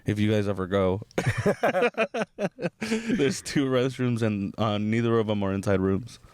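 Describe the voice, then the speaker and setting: Male comedian guest, lower voice, dry deadpan teasing, dry close sound. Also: moderate pace, smooth, no room sound. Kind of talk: casual chat.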